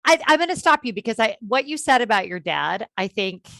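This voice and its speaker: A woman's voice: a little high, sing-song, fairly quick, gravelly, a bit bright, dry recording. A woman, a podcast co-host, chatting casually and eagerly cutting in. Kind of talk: casual chat.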